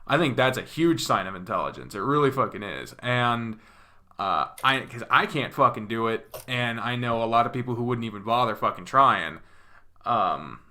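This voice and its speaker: A man's voice: medium pitch, bright, forceful tone. A man with a Southern American accent chatting loosely on a panel, swearing freely and stopping to check how he comes across. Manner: profane, rambling, self-questioning. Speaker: panel guest. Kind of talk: casual chat.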